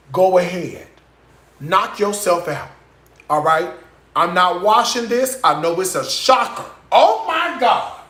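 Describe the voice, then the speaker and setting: A man's voice: high-pitched, fairly bright tone. Sassy chatty man, echoey kitchen. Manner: sassy, chatty, addresses viewers directly, frequent "okay?" tags. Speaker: cooking show host. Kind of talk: live cooking demonstration with sales pitch. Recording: echoey room with faint noise.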